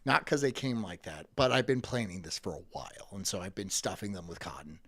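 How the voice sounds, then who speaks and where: A man's voice: deep voice, a little fast. A man ranting sarcastically on a live stream, swearing often and slipping into mocking voices.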